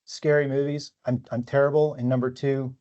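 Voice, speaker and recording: A man's voice: mid-range voice, level tone, moderate pace, warm tone, highs cut off. A man, a new employee, answering questions in a casual chat and often repeating words as he starts. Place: company office.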